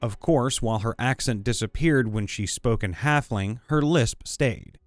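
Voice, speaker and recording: A man narrating listener stories about tabletop games in a playful, expressive way. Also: mid-range voice, unhurried, no echo, clean studio sound, faint music behind. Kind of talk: reading tabletop game anecdotes aloud.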